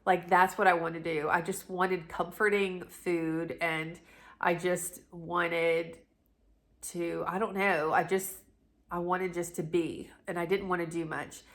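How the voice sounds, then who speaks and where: A woman's voice: fairly low pitch, measured pace. A middle-aged woman, casually telling a personal story to camera, chatty and full of asides. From North Carolina, USA. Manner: chatty and animated, with many restarts and asides. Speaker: lifestyle vlogger.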